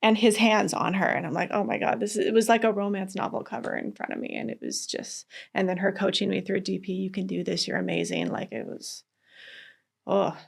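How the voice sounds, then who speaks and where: A woman guest in a casual interview, telling animated stories, acting out quotes, laughing often. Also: mid-range voice, brisk, creaky.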